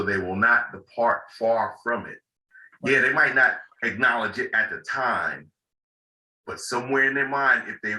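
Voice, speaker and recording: A male host with a hoarse voice, leading a relaxed talk about love. His tone is sharp and bright, and he sounds a little off the mic in an echoey room. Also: lowish voice, recorded from a distance. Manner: laid-back, folksy, repeats himself. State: hoarse from illness. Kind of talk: casual discussion.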